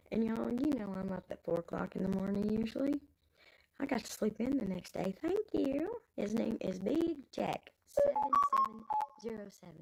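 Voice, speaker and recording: A woman's voice: mid-range voice, creaky, mellow, poor audio. A Texan woman in her fifties with grandkids, rambling casually in folksy talk as a live stream host. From Texas.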